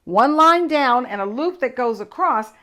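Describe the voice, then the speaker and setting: An older woman hosting a children's lesson, speaking enthusiastically and slowly sounding out letters. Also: high-pitched, animated, sharp tone. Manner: enthusiastic, exaggerated, slow demonstrative. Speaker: children's show host and teacher.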